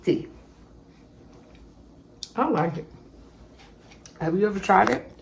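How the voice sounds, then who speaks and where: A woman's voice: mid-range voice, animated, takes it slowly, vocal fry, a little hiss or hum. A woman vlogging casually about her day, chatty and folksy, calling her viewers honey and child. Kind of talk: casual day-in-the-life vlog.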